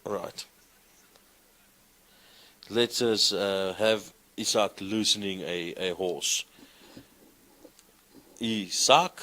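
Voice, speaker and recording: Man, lecturing a class, low voice, slow unhurried delivery, encouraging, asks questions. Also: bright, forceful tone. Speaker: Greek teacher.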